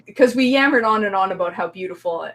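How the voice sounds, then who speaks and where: A woman's voice: medium pitch, fast. A woman co-hosting a podcast, chatting casually and emphatically about a horror movie. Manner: animated, emphatic, laughs easily. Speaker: podcast co-host.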